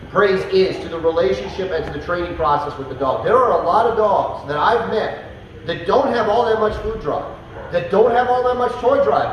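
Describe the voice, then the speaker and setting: A man's voice: sits high, far from the mic, a little hiss or hum. A man teaching dog training, explaining commands and acting out how he tells dogs off, recorded in a training facility. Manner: animated, acts out commands to dogs in a loud excited voice. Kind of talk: instructional talk. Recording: echoey room, away from the mic.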